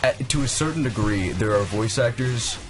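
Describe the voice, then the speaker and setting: A man's voice: medium pitch, animated, moderate pace. A young man hosting a casual chat while playing a game, talkative and opinionated, swearing freely. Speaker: gamer host. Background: faint game music.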